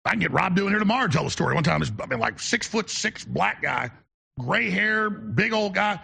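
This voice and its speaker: A man's voice: high voice, very animated, gravelly, bright, forceful tone, breathy edge. A man hosting a talk radio show, delivering an emphatic, ranting opinion monologue. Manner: emphatic, ranting, fast-talking.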